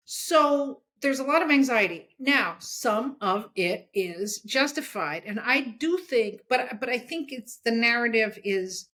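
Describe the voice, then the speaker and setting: A woman's voice: a little high, animated, unhurried, hardly any pauses, bright, forceful tone. A woman talking bluntly and emphatically as a guest in a casual interview, often checking in with "okay?". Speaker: comics editor and guest.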